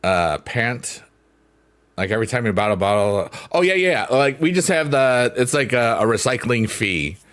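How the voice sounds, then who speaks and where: Over a piano playing in the background, a livestream host chats away casually and jokingly, reading the chat aloud as he rambles. His mid-range voice is fairly bright and very animated, moving at a moderate pace.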